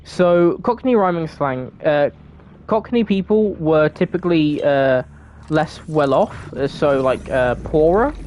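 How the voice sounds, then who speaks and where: A woman's voice: sits low, takes it slowly, darkish tone, slight background noise. A woman with a southern English accent, from England, chatting casually while streaming a game, sweary, giggly and rambling.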